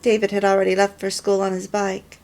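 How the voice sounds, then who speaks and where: A woman reading a story aloud in a deliberate, measured way. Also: mid-range voice, monotone, a little mellow. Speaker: reader of a homemaking course.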